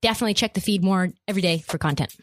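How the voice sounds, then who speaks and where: A woman's voice: mid-range voice, racing, noisy background. A woman hosting a sports podcast, ranting casually and cursing freely. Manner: profane, animated ranting. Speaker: podcast host.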